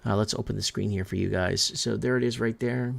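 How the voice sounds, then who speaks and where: A man's voice: fairly low pitch, steady tone, brisk, vocal fry. A man hosting a talk show, reading through news headlines and commenting in a rambling, emphatic way that often stumbles over words. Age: adult parent of three. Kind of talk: casual news commentary while browsing headlines.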